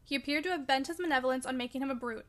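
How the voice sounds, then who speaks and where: A woman reading a classic novel aloud in a measured, clear and expressive storybook narration. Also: high-pitched. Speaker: audiobook reader.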